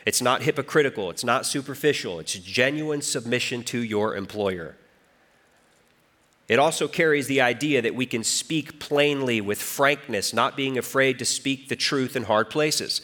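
A man delivering a church sermon as the pastor. He tells stories with animated delivery, his voice rising for emphasis and dropping low and quiet for reflection. His pitch sits in a typical middle range for a man. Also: moderate pace.

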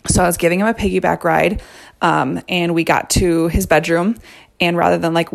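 A woman's voice: on the low side, creaky. A woman in her thirties telling a self-deprecating story in a chatty way, full of "um" and "like". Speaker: guest storyteller. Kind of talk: casual storytelling.

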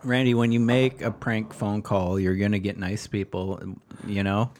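A man's voice: lowish voice, level tone, moderate pace, a little mellow, a little hiss or hum. A man joking and rambling in a casual podcast chat about prank calls. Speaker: podcast guest, prank caller.

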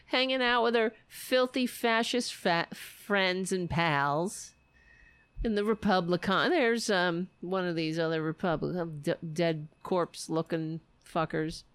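A woman's voice: on the low side, slow pace, fairly bright tone, clear, resonant tone, no room sound. A woman hosting a political podcast livestream, talking in a sarcastic, mocking and profane way, rambling and correcting herself as she goes.

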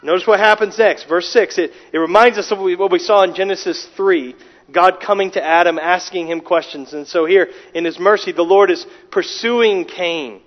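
A man preaching a sermon in a large echoing hall, his voice fairly high for a man. He talks emphatically, firing off rhetorical questions and often restarting his sentences. The sound is a bit dull, and a long reverb trails after each phrase. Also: normal speed. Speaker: pastor.

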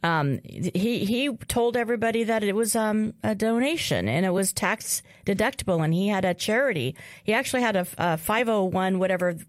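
A woman's voice: mid-range voice, expressive, fairly quick, dry recording, clean studio sound. A woman co-host in casual discussion who recounts a case and asks questions. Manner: recounts events with fillers and restarts, asks questions.

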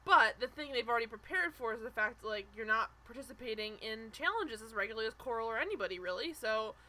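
A young woman talks through a reality show scene in loose, animated chat, peppered with "like" and quick restarts. Her voice sits high and bright, and it swings a lot as she gets excited. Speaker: podcast co-host.

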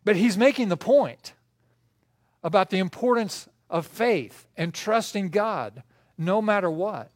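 Brief: older male pastor, lively storytelling sermon, slightly high voice, dry close sound. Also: a little slow, no echo. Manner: animated storytelling, swings between soft and loud.

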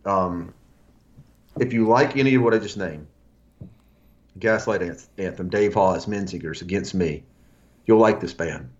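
A man's voice: low voice, measured pace, pauses often, dull audio. A man co-hosting a casual music podcast, rambling with restarts as he recommends a band. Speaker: podcast co-host.

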